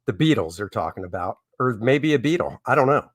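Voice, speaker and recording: A man's voice: medium pitch, animated, a little fast, few pauses, dry recording. Middle-aged guy chatting on his stream, lots of ums and asides, dry close sound. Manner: rambling, chatty, with many fillers and asides. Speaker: comic artist hosting a live stream. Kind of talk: casual live-stream chat, reading viewer comments.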